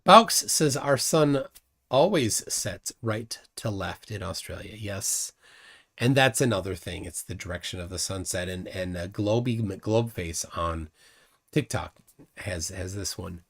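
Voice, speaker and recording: A man's voice: sits low, lively intonation, measured pace, fairly bright tone. A man hosting a casual livestream, mocking and combative, often repeating words as he argues. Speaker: livestream host.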